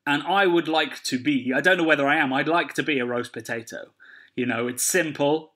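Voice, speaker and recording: A man's voice: fairly high pitch, brisk, bright, forceful tone. A man co-hosting a podcast in casual chat, teasing his co-host and laughing often.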